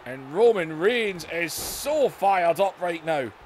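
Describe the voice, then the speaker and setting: A man hosting a gaming video, giving excited wrestling-style play-by-play that bursts into shouts. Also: a little high, slow pace, slight background noise. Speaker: YouTube gaming host.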